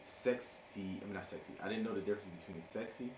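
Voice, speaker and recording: A man's voice: lowish voice, fast talker. A man co-hosting a casual couples podcast, joking and laughing with his partner and slipping into playful bits. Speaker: podcast co-host. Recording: echoey room with noise.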